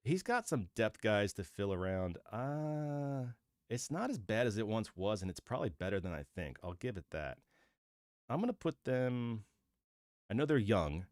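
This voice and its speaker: Man, channel host, casual opinionated commentary, low-pitched, dry close sound. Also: very animated, a little fast, few pauses, no room sound. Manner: opinionated, thinking aloud with fillers and restarts.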